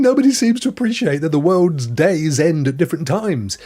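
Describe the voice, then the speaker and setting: Chatty man, husky and lively. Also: on the high side, normal speed, soft background music. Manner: chatty and jokey, answers chat messages by name. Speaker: live stream host reading viewer chat. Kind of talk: casual live chat.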